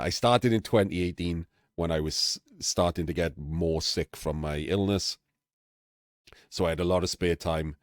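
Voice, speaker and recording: Very low-voiced man in a candid vlog. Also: no room sound, studio quality. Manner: candid, self-deprecating, with fillers and restarts. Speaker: channel host. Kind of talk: casual talking-head vlog.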